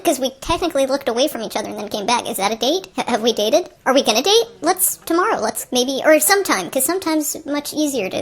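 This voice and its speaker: Woman host, high bright register, loose and chatty, talks over a film with tangents and the odd whispered aside. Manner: chatty and rambling, jumps between quick asides and questions. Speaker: host of an improvised movie-review show. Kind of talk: casual running commentary while watching a film.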